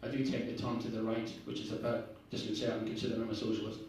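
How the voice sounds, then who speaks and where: A man's voice: fairly low pitch, little pitch movement, very fast, a little mellow, slight background noise. A man with a northeast Scottish accent doing a rambling, self-deprecating stand-up set at a bar open mic night. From Scotland. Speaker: stand-up comedian. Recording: echoey bar heard from a distance.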